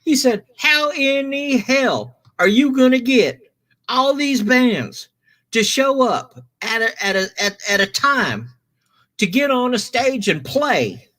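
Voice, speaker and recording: A man's voice: very high-pitched, animated, slow, bright, forceful tone, pitched above the performer's own voice, exaggerated voice. A man voicing an incredulous older male newspaper editor, exclaiming and swearing in a raised voice.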